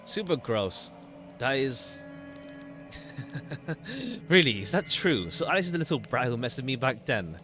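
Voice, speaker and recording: A man's voice: medium pitch, big pitch swings, moderate pace, music in the background. A man streaming a story game, reading its dialogue aloud and switching between characters.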